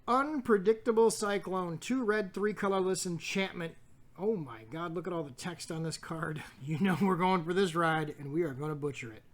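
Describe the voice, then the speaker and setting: A man's voice: high voice, normal speed. A man hosting a casual pack-opening video, reading card text aloud with jokey asides and stumbles. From United States. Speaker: card shop host opening packs.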